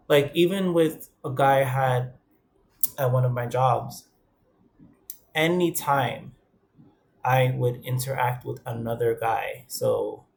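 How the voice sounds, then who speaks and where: Gravelly-voiced young man from the Bronx. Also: medium pitch, a little mellow. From the Bronx, New York. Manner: earnest, conversational, quotes others in dialogue. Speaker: vlogger. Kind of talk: candid personal talk to camera.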